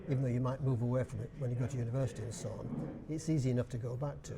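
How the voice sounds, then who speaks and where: A man's voice: mid-range voice, fairly even intonation, very fast, vocal fry, very noisy. An older man with a Yorkshire accent, chairman of a dialect society, answering interview questions in a thoughtful way with restarts.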